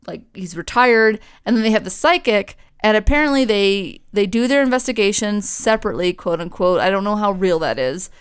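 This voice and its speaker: A woman's voice: mid-range voice, expressive, brisk, few pauses, smooth. A young woman co-hosting a podcast, telling a ghost story in casual chat, full of fillers and swearing. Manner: chatty, swears a lot, many fillers. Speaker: podcast co-host.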